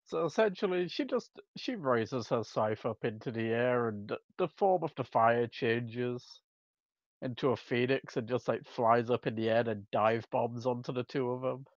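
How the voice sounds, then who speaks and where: A man's voice: mid-range voice, moderate pace, dry recording, muffled recording. A man playing a tabletop game who describes his character's actions in a hesitant way, with many restarts. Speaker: player.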